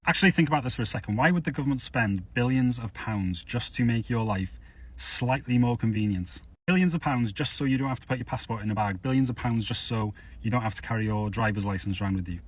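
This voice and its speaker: A man's voice: mid-range voice, fast, husky, low-quality recording. A man delivering an angry social media rant, heated, sarcastic and insistent.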